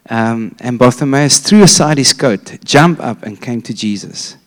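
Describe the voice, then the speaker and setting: A man preaching a sermon to a church congregation, retelling a story with animated energy and frequent restarts. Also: mid-range voice, a little slow, hardly any pauses.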